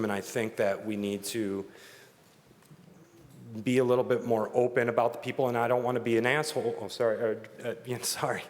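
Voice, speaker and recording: A man giving an earnest, halting public comment at a council meeting, speaking emotionally. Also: mid-range voice. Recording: reverberant meeting hall.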